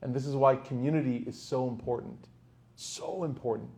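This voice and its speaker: A man giving a sermon to a live audience in a lecture hall, in an animated storytelling manner, acting out the quoted voices. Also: mid-range voice, normal speed. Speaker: Islamic lecturer.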